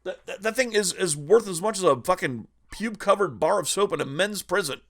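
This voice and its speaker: A man's voice: high voice, animated, fairly quick. A man hosting a retro gaming channel, ranting angrily with constant profanity. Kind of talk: ranting vlog.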